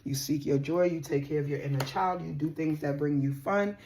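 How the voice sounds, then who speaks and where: A young adult woman, doing a casual tarot reading in a sassy, animated way and swearing casually. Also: low voice, brisk, a little hiss or hum. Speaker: tarot reader.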